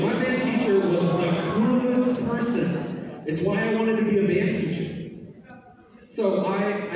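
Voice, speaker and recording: A man, a band teacher, telling a story to his students in an animated way and acting out the voices he quotes. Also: sits high. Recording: echoey hall from far off.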